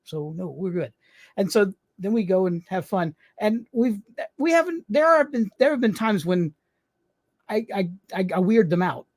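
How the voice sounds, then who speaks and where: Animated man telling show stories, dry sound. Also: high-pitched, normal speed, no room sound. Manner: animated storyteller who acts out voices and laughs often. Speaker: guest, game show host. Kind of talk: casual podcast interview.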